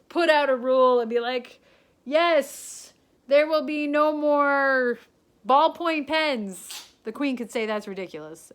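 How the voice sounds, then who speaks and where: A woman from Canada chatting casually to a pen pal on video, rambling with lots of ums and restarts. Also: a little high.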